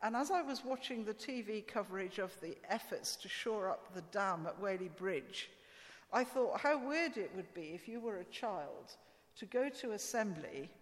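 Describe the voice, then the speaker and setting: A woman giving an informal, conversational sermon with asides and fillers. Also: mid-range voice. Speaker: preacher. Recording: long church reverb.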